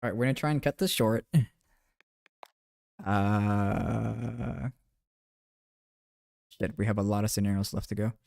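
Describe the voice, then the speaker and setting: A man's voice: fairly low pitch, steady tone, a little slow, gravelly, pauses often, a little mellow, no room sound, clean studio sound. A young man live streaming, chatting loosely with viewers while gaming, laughing a lot and swearing now and then.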